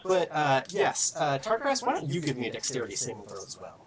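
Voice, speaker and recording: A man's voice: fairly high pitch, wildly swooping pitch, brisk, a loud crowd. A man running a tabletop game as game master, narrating loosely with lots of fillers.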